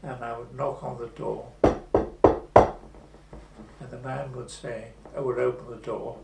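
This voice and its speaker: Elderly man, gravelly voice, slow pace, oral history interview, echoey room, faint hum. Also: medium pitch, steady tone. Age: 80s. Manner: slow, measured storytelling with pauses.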